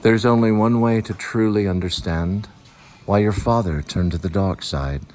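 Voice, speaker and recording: A man's voice: on the low side, moderate pace, a little mellow. A man vlogging casually as he walks through a shopping mall, rambling and thinking aloud. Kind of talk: casual walking vlog.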